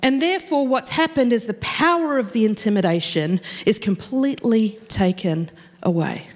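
A woman preaching a sermon, animated and storytelling, acting out the voices she quotes. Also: on the high side, normal speed. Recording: long reverb of a church hall.

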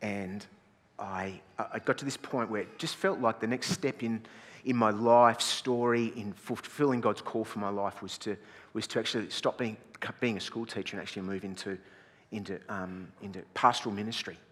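A middle-aged pastor telling a self-deprecating story in a sermon, chatty and full of restarts. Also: male voice, lowish voice, fairly even intonation, moderate pace. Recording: long reverb in a large hall.

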